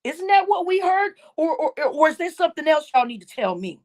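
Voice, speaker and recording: A high-voiced woman hosts a livestream and rants in heated indignation at her viewers. She scolds them and stacks up repeated phrases as she hammers each point home. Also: sing-song, a little fast, darkish tone. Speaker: livestream host.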